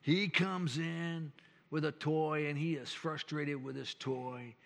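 A man's voice: fairly high pitch, steady tone, slow, creaky, fairly bright tone. An older man, a pastor preaching a sermon with folksy, earnest storytelling. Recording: long church hall reverb.

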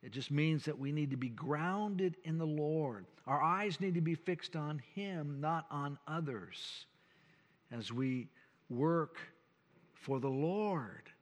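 Older male pastor, slightly high voice, folksy earnest sermon, long reverb of a church hall. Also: slow pace. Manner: folksy, earnest storytelling preacher.

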